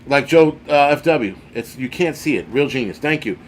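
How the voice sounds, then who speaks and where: A man in middle age talks loosely to his livestream viewers, swearing freely and wandering between jokes and the topic. His voice sits at an ordinary middle pitch, and he jumps abruptly between loud bursts and muttered asides. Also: animated. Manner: profane, rambling, jokey, quick swings in loudness. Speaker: livestream host. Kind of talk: casual livestream chat reading viewer comments.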